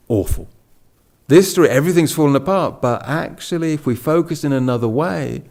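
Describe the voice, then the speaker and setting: A man giving a relaxed Buddhist talk, telling a story with many restarts. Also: medium pitch, vocal fry. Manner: storytelling with restarts and acted quotes. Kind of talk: casual spoken dharma talk.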